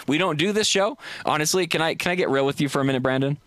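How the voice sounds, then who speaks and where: A man's voice: fairly high pitch, quick pace, fairly bright tone, dry recording. A man hosting a casual live call-in podcast, rambling and gushing thanks while tipsy from shots. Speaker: podcast host.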